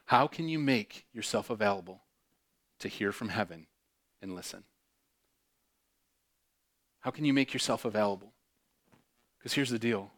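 A male pastor preaching a sermon. He swings between loud, fervent bursts and hushed, intimate passages, and he repeats phrases for emphasis. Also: lowish voice, lively intonation, moderate pace, long pauses.

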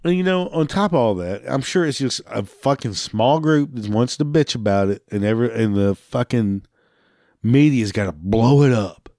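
With a medium-pitched, mellow voice that's animated and moderately paced, a man hosts a talk show in a dry, clean studio recording. He rages through a profane rant full of swearing, breaking into laughter between lines.

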